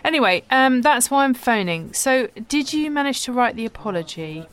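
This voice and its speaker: A woman playing a deadpan agency assistant. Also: on the high side, normal speed, clear, resonant tone, close to an everyday voice. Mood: unbothered. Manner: deadpan and unbothered, giggly. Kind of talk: scripted comedy sketch.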